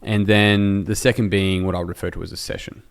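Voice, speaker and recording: A man from Australia hosts a podcast interview, his voice sitting very low. He talks in a loose, rambling way, poking fun at himself as he goes. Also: little pitch movement, a little fast, smooth. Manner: rambling, self-deprecating, jokey. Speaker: podcast host. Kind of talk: casual interview chat. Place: indoor room, in person.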